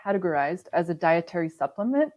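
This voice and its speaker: A woman's voice: on the low side, big pitch swings, fast talker, darkish tone, dull audio. A woman guest on a podcast interview, explaining her work thoughtfully with frequent ums and restarts. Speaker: sustainability manager, podcast guest. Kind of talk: conversational interview.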